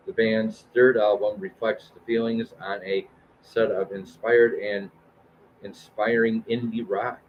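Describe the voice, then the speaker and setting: A man's voice: on the low side, flat delivery, unhurried, highs cut off, a little hiss or hum. A man in his fifties hosting a live-stream show, reading new album reviews aloud with plenty of "uh" and "um" and restarts. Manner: reads album blurbs aloud with fillers and restarts.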